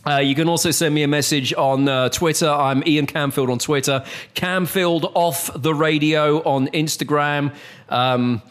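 Animated British man, higher-pitched. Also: a little slow, smooth. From Britain. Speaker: podcast co-host. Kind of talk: casual podcast chat.

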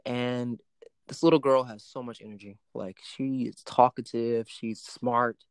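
Male podcast host, mid-pitched, relaxed storyteller, dry booth sound. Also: a little slow, clean tone, no room sound. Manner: storytelling, animated retelling with quoted dialogue. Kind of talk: casual chat.

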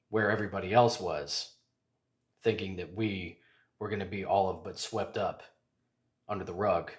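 A man hosting a podcast, talking in a rambling, jokey and earnest way. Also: on the low side. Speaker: podcast host. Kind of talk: casual monologue.

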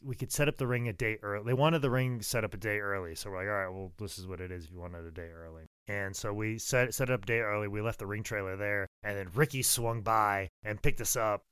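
A man in his thirties tells wrestling road stories in a loose, rambling way, cursing freely. His voice sits a little low and sounds smooth. The sound is dry and close. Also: no echo. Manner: rambling, profane, animated. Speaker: pro wrestler telling stories. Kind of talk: casual storytelling.

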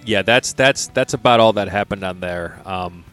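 Low-voiced man ranting on a podcast. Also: moderate pace, fairly bright tone, clean tone, faint music behind. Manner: ranting, profane, exasperated storytelling. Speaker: podcast co-host. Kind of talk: casual podcast chat.

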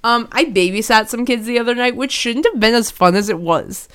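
Young woman podcaster, high voice, swears a ton, super animated storytelling. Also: brisk, smooth. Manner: animated storyteller, swears a lot, acts out quotes. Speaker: podcast co-host. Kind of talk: casual chat.

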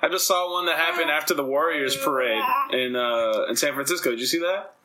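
A man's voice: a little high, fairly quick, crowd noise, low-quality recording. A young adult man hosting a casual podcast, telling stories with acted-out quotes and frequent swearing. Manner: animated storyteller, acts out quotes, swears freely. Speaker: podcast host.

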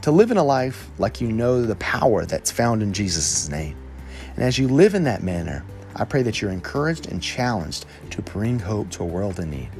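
Lively Alabama pastor preaching. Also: male voice, on the low side, normal speed, faint music behind. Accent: Southern US, Alabama. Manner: animated, conversational preaching with slang examples. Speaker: lead pastor. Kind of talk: sermon.

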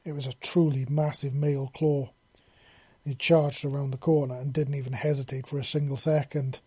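A man's voice: mid-range voice, level tone, moderate pace, a little mellow, breathy edge, dry recording. A man reading a fan-fiction story aloud in plain narration, sometimes restarting a phrase. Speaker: story reader.

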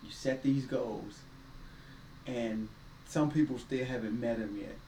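A man's voice: mid-range voice, fairly even intonation, measured pace, warm tone, a little hiss or hum. A man co-hosting a casual faith-based podcast, talking in a folksy, preachy way with quoted voices. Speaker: podcast co-host. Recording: roomy echo, distant mic, faint ambience.

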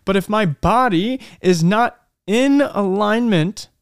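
Man, podcast host, earnest reflective talk, high-pitched voice, dry close sound. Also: clear, resonant tone, dry recording. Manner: earnest, reflective, slows for emphasis. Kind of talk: faith-based motivational talk.

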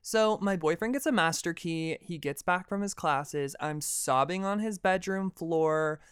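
A young man hosting a podcast, telling a personal story in a dramatic, animated way and swearing freely. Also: a little high, measured pace, clean tone, no room sound, studio quality. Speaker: podcast host. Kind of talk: casual storytelling monologue.

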